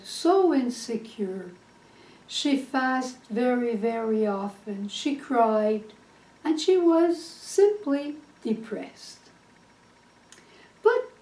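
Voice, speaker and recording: Slow, earnest woman preaching. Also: on the high side, dark tone. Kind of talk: sermon. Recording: echoey room, distant mic.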